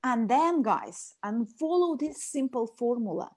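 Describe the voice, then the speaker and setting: A woman with a Russian accent, a transformation coach talking fast and emphatically in a casual video chat. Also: on the high side, big pitch swings, darkish tone.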